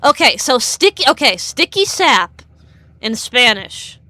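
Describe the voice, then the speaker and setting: A woman's voice: on the high side, very animated, unhurried, bright, forceful tone, no echo. A woman streamer chatting casually, rambling and stammering with frequent laughs. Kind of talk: casual live-stream chat.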